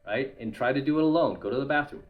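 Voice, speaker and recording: A man's voice: mid-range voice, fast talker, phone-quality sound. A man hosting his channel, giving other men advice in a casual monologue and tagging nearly every point with "right?".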